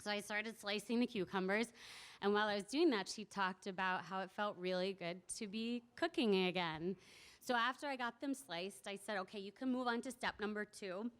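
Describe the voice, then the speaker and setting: Speaking to a live audience at a community event, a young woman tells a personal story with warmth, laughing now and then and acting out voices in quotes. Her mid-range voice is smooth and moves at a normal speed.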